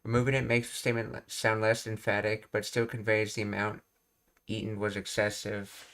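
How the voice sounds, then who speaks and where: A man's voice: fairly low pitch, flat delivery, a little fast, a bit bright. A man teaching a language on a live stream, reading out explanations, thinking aloud and asking himself questions as he works through a sentence.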